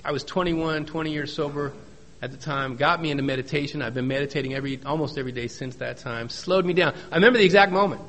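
A man's voice: mid-range voice, fast, fairly bright tone. A middle-aged man giving a personal testimony at a recovery meeting, folksy and joking, repeating key phrases for emphasis. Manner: folksy storytelling with joking asides.

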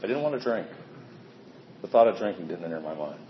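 His voice sits low with lively intonation, moving fairly quickly as he tells his personal recovery story. He's candid, plainspoken and self-deprecating about his past behavior; the sound is echoey and dull, with faint ambient noise.

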